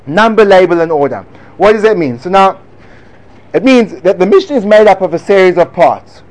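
A man's voice: high-pitched, animated, normal speed. A man lecturing a small group on how to teach Talmud, earnest and demonstrative, sometimes slipping into a sing-song study chant.

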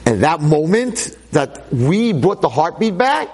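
Male rabbi lecturer, slightly raised pitch; conversational storyteller with dramatic swings from quiet to loud. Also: measured pace. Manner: dramatic, swings from hushed to excited exclamations; conversational, with frequent asides.

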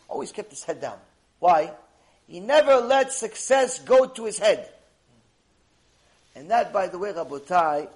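A man's voice: sits high, poor audio. A man giving a rabbinic ethics lecture, animatedly telling a story and acting out its dialogue. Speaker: rabbi teaching Jewish ethics.

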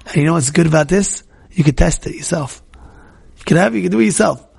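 Animated high-voiced man teaching Torah. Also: fast, creaky, slightly rough. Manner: animated, repetitive, questions the audience directly. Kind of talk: informal Torah class talk to a live group.

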